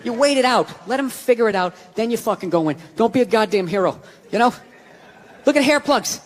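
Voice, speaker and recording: A middle-aged man from the US East Coast doing stand-up comedy, ranting and swearing, sometimes shouting. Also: extremely high pitch, expressive, brisk. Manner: ranting, profane, shouting at times. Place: large live comedy venue. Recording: live venue with long reverb and loud crowd. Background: audience laughter and crowd noise.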